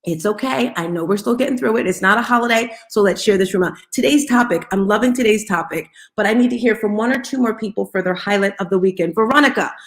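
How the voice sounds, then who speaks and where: A woman with a medium-pitched voice hosts a live audio room, leading a motivational morning talk. She speaks fast with hardly any pauses, upbeat and coaxing as she draws listeners in and runs call-and-response.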